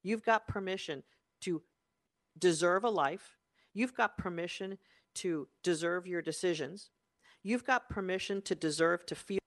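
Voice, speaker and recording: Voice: mid-range voice, a little slow, no echo, clean studio sound. A life coach giving a motivational talk, emphatic and insistent, repeating phrases and using spiritual wording about energy and the soul.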